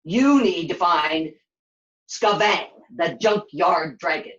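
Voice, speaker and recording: A woman's voice: fairly low pitch, lively intonation, slow, a bit bright, roomy sound, lo-fi sound. A woman puppeteer voicing a solemn magical creature who speaks broken English and gives short, grave warnings in a puppet show. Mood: grave, knowing.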